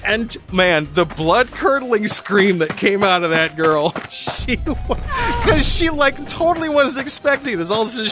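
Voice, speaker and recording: A man hosting a gaming channel, telling a story in a casual, chatty way, laughing often and acting out the people in it. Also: sits high. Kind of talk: casual storytelling over gameplay.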